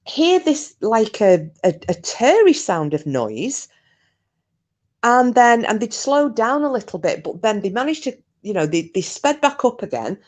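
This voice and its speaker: A woman's voice: fairly high pitch, very animated, a little slow, darkish tone. A woman, casually telling a ghost story in a chatty, rambling way, with swearing and restarts. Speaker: channel host.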